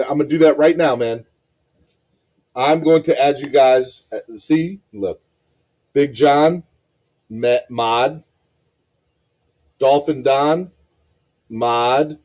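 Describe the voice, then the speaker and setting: A man hosting a live podcast stream, excitedly reading out chat messages and repeating himself. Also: mid-range voice. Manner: excitable, repeats phrases, reads chat aloud. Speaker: podcast host.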